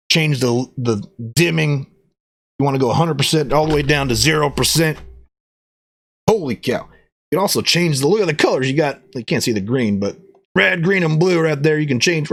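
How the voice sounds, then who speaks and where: In a casual unboxing vlog, a man reviews a product while joking around in a playful cowboy persona, his pitch leaping up excitedly.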